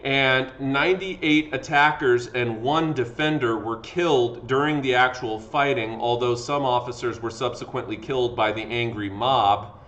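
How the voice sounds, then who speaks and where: In this classroom lecture delivered over video, a male teacher of history speaks at an unhurried pace with a medium-pitched, somewhat bright voice. He's worn out from talking but stays chatty, filling gaps with ums and performing quotes aloud. The high frequencies are cut off.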